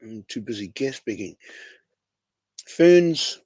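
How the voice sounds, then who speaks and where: A man's voice: medium pitch, expressive, slow pace, darkish tone, husky, dry recording. A man with a New Zealand accent hosting a casual fan livestream, laid-back and slangy, calling everyone bro. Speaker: fan show host.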